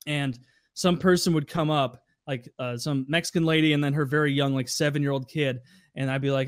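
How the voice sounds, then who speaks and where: A man's voice: a little high, steady tone, fairly quick, dry recording, clean studio sound. A man on a podcast, telling casual, profane anecdotes with a wry edge. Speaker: podcast regular. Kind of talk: casual storytelling.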